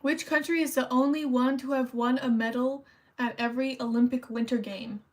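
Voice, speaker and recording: A high-pitched woman chats her way through a casual livestream. She talks to her viewers in a relaxed, self-teasing way, often repeating a word as she thinks aloud. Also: normal speed. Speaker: streamer.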